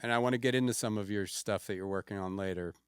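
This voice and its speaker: Deadpan podcast host guy, smooth clear voice, dry close sound. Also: on the low side, fast talker, dry recording. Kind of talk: casual comedic podcast chat.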